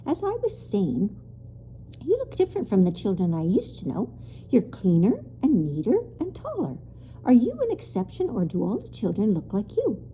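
A woman voicing a friendly, lonely moose-like royal creature with a deep voice and a lisp in a storybook reading. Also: wildly swooping pitch, moderate pace, warm tone, slight background noise. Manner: cheerful, chatty, a little vain.

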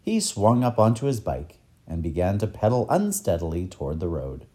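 A man narrating a children's story aloud, in an expressive read-aloud manner. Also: low-pitched, normal speed.

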